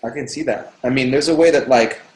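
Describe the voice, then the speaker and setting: A man's voice: mid-range voice, brisk. A man in a casual heartfelt conversation, speaking thoughtfully with hesitant restarts. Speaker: conversation partner. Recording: roomy echo.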